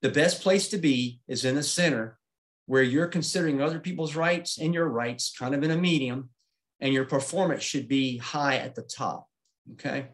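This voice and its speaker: A man's voice: mid-range voice, moderate pace. Plain-spoken man teaching safety. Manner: plain-spoken, explains each chart step by step, checks in with "okay?". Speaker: aviation safety instructor. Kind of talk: slide-based safety presentation.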